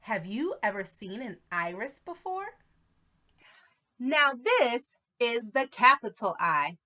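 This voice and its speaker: A woman teaches a lesson to preschoolers, drawing out her words at an unhurried pace. Her voice is bright and a little high, and it swoops up and down in an exaggerated, encouraging sing-song. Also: very animated. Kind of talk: teaching a video lesson to young children.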